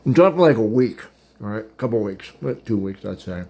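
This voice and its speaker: A man's voice: on the low side, lively intonation, fairly quick, mellow, slightly rough. A man in his thirties telling a rambling, chatty story about his dating past, eating while he talks and laughing at his own tale. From Pittsburgh area. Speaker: podcast host. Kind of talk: casual storytelling.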